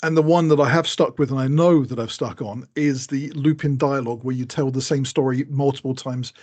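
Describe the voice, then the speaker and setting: A man's voice: mid-range voice, steady tone, fairly quick, darkish tone. A man co-hosting a casual podcast who rambles, mocks himself and laughs mid-sentence. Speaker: podcast co-host. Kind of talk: casual chat.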